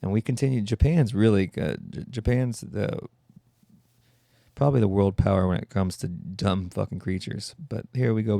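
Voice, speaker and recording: A man's voice: on the low side, vocal fry, mellow, no echo, clean studio sound. A man hosting a solo comedy podcast, rambling and mocking in a sarcastic tone. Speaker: podcast host.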